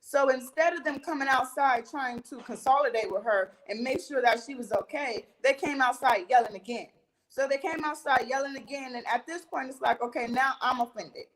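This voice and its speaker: A young woman with a notably high voice tells her story in loose, casual talk as an interview guest. She is animated and jumps into other people's lines as she recounts a heated fight. She swears freely. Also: moderate pace, rough recording.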